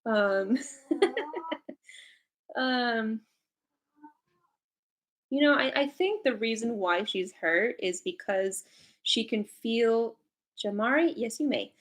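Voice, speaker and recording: Her voice runs on the high side and a bit bright, with drawn-out words and long pauses. She's a psychic doing angel card readings on a home live stream with her cat, giggling, laughing often and filling gaps with lots of fillers.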